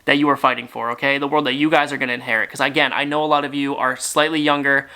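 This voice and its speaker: A young man speaks straight to his viewers with a bright, forward voice that stays smooth and clear. He builds his points through earnest strings of short phrases, pressing each one with sincere emphasis. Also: mid-range voice, level tone, fast talker. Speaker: YouTube channel host. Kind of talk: earnest direct-to-camera appeal.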